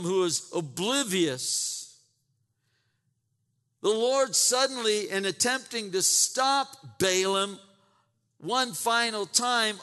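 A man's voice: sits high, pushed and bright, clean tone. A man preaching a sermon, retelling scripture with emphatic asides and repeated words. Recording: long reverb in a large hall.

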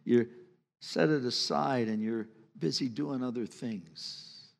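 A man's voice: medium pitch, slow pace, creaky. Man preaching in an echoing church. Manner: earnest, conversational preaching with sudden drops to a hush. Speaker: pastor. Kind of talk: sermon. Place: church sanctuary. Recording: long reverb of a church hall.

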